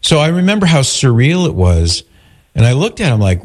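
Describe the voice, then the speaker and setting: A man's voice: medium pitch, moderate pace. A man hosting a call-in radio show, telling a personal story and acting out the people in it. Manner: storytelling, animated when quoting others.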